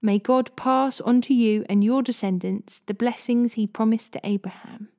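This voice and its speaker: A woman reading the lines of an old father, solemn and measured. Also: a little high, dark tone, lightly acted. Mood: blessing. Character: old blind father, grave patriarch.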